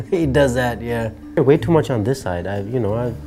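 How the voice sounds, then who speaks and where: A man's voice: medium pitch, expressive, moderate pace, music in the background. A man hosting a year-end commentary show, wry and sermonizing with jokey asides. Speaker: show host.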